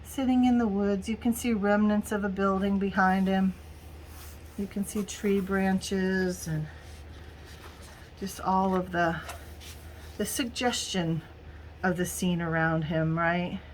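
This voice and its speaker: A woman's voice: medium pitch, fairly even intonation, takes it slowly, pauses often, slight background noise. A middle-aged woman, chatting casually and giggling through a haul video at home. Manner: chatty, giggly, addresses viewers as y'all. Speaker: crafting vlogger.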